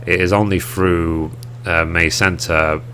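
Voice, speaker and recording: A man's voice: low-pitched, steady tone, slow pace, bright, forceful tone, a little hiss or hum, exaggerated voice. A man reading the lines of the theatrical leader of a travelling music troupe from a game, in dramatic, poetic speech.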